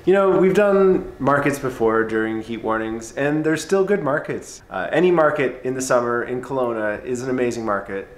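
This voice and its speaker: A man's voice: medium pitch, normal speed, few pauses. A man on a farm vlog who sells at the market, talking in an upbeat, encouraging and teasing way. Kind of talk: casual vlog chat.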